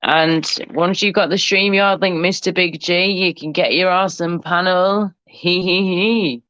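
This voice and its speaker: A woman's voice: on the low side, fairly even intonation, a little slow, a bit bright, no echo, lo-fi sound. A woman co-hosting a livestream in casual chat, teasing guests and calling everyone darling and love. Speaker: livestream co-host.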